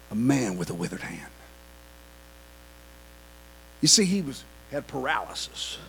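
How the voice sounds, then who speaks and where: A male preacher delivering a sermon, turning animated and rising into a shouted sing-song at its peaks. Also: mid-range voice, vocal fry, slight background noise.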